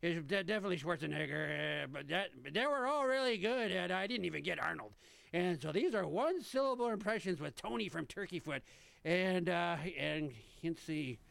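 A man's voice: high voice, animated, fairly quick, vocal fry, fairly bright tone, dry recording. A man hosting a radio show, chatting casually with a caller, stammering through restarts and laughing easily.

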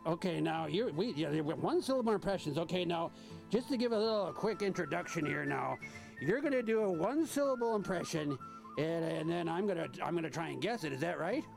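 High gravelly male radio host. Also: expressive, fairly quick, music in the background. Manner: chatty, stammering restarts, laughs easily. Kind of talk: casual radio chat with a caller.

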